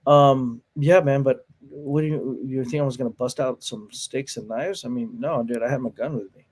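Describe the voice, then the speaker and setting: A man's voice: medium pitch, steady tone, normal speed, a little mellow. A man who teaches martial arts, telling stories in casual chat, swearing freely, laughing often and acting out what people said. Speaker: martial arts instructor, podcast guest.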